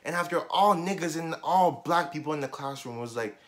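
A young man recounting a school story in a loose, slangy vlog, his voice swinging widely up and down as he gets worked up. He sits a little higher than most men, and he flips between loud bursts and low, mumbled side comments. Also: moderate pace, hardly any pauses. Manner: animated slangy storytelling with heavy swearing; jumps between loud outbursts and muttered asides. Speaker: vlogger telling a story.

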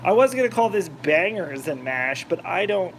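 A talkative man cooks in his home kitchen and rambles from one topic to the next. His voice sits a little higher than most men's. A faint hiss runs beneath the recording. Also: big pitch swings, normal speed. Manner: rambling, chatty, drifts off topic. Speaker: cooking vlogger, channel host. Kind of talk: casual chat while cooking, reading viewer comments.

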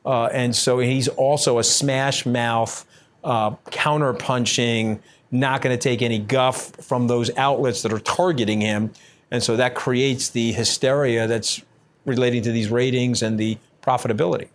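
A man answering interview questions bluntly and combatively, brash and scathing, talking in quick bursts with many fillers. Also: mid-range voice, fairly even intonation, slight background noise. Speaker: interview guest.

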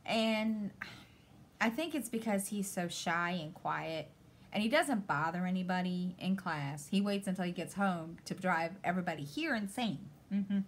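Woman, lowish voice, casual rambling chat, lots of "you know", faint noise behind. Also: moderate pace. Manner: rambling, retells talks with many "I said" and "you know". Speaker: mother and stitching vlogger. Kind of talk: casual chat while stitching.

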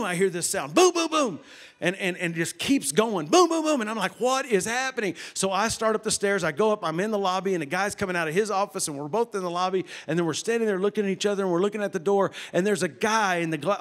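A middle-aged man preaching a sermon as a folksy, animated storyteller who drops to a hush for quoted voices. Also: high-pitched. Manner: folksy, animated, with loud sound effects and hushed quoted voices. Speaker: pastor.

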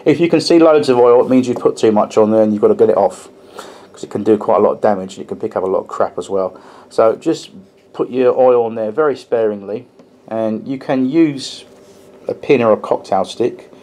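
A man with a lowish, mellow voice talks at a brisk clip. He reviews a model locomotive casually and chattily, with plenty of ums and restarts as he demonstrates the details by hand.

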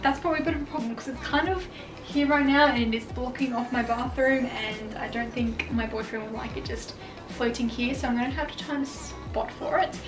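A young woman, a fashion vlogger, chatting excitedly in her bedroom with lots of fillers. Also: fairly high pitch, fairly quick. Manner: gushing, filler-heavy, excitable. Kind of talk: casual vlog chat. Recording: echoey room, far from mic, music behind.

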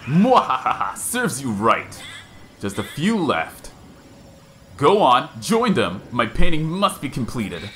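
Villain read: man doing a sneering ghost king, melodramatic, lively swings in pitch. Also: slow, slight background noise. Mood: taunting. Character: gloating male ghost king villain, theatrical. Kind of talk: reading game dialogue aloud.

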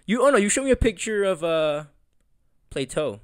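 A man's voice: sits high, sing-song, normal speed, clear, resonant tone, no echo, studio quality. A young man co-hosting a podcast, easygoing and slangy, asking short questions in casual chat. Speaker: podcast co-host.

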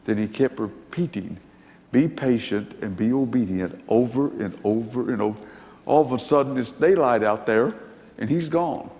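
A man's voice: mid-range voice, moderate pace, darkish tone, big-room sound. An older man telling a personal testimony to an audience in a folksy, rambling storytelling way. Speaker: speaker giving a testimony.

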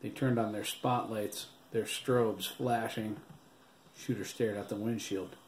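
A man reading his own novel aloud as an audiobook, in a steady, dramatic storytelling manner. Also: fairly low pitch, measured pace. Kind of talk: audiobook narration. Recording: roomy echo, faint background hiss.

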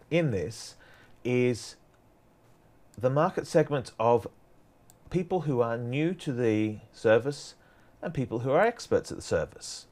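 A man's voice: mid-range voice, a little mellow. A man giving a prerecorded university lecture, explaining in a loose, conversational way that wanders from point to point.

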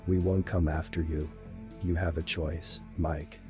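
A man's voice: very deep voice, level tone, unhurried, over music. A man voicing a frightened, stout older male museum curator with a thick, shaky voice, pleading in a horror story reading.

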